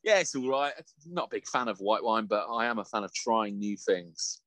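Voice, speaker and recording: A man's voice: lowish voice, animated, normal speed, a bit bright, no echo. Guy on a podcast, swears a lot, giggles, voice jumps all over, dry sound. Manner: sweary, giggly, rambling storyteller. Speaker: podcast co-host. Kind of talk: casual chat.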